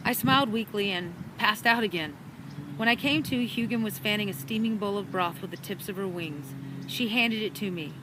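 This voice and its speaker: A woman reading a children's storybook chapter aloud with an animated, dramatic delivery, recorded outdoors in a park. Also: mid-range voice, moderate pace. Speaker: storybook reader. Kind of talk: expressive storybook narration. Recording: outdoor park with traffic noise.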